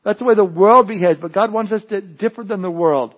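Man, pastor, sermon, fairly high voice, chatty with restarts, muffled recording. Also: brisk. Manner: conversational preaching with frequent restarts and asides.

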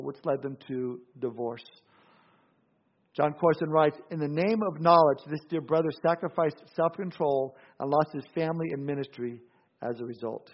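Pastor man preaching, muffled lo-fi sound. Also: a little high. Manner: repeats words when restarting, dry humor in anecdotes. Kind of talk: sermon. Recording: dull lo-fi sound.

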